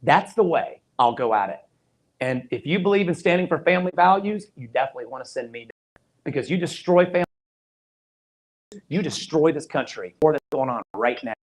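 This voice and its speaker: A man's voice: on the high side, lively intonation, brisk. A man giving an earnest campaign stump speech. He retells past conversations in quoted dialogue and drives his points home with repeated phrases. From Georgia, USA. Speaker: political candidate.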